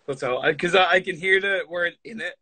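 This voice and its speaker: Guy hosting a live chat, bright sharp voice, playful, stammers and restarts a lot. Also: high-pitched, fairly quick, no room sound, rough recording. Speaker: live stream interviewer. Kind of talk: casual interview on a live stream.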